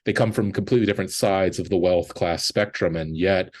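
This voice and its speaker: A guest film critic with a deep voice talks through a movie in brisk, steady, thoughtful conversational analysis. He often restarts sentences and quotes characters in a lighter voice.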